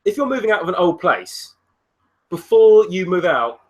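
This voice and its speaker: Male co-host, high voice, sarcastic quips. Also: very animated, moderate pace. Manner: sarcastic, riffing on jokes. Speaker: stream co-host. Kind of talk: casual banter.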